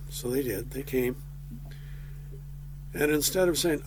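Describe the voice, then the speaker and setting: Male preacher, unhurried delivery, folksy and chatty, mid-pitch voice. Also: slight background noise. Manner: folksy, with casual asides and slang. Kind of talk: conversational sermon.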